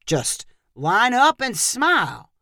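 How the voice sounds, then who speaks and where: A woman's voice: on the high side, huge pitch swings, takes it slowly, pushed and bright, no room sound, studio quality, voice pushed up, full character voice. A woman voicing a grumpy, stubborn father who whines and complains. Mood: complaining. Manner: whiny, complaining.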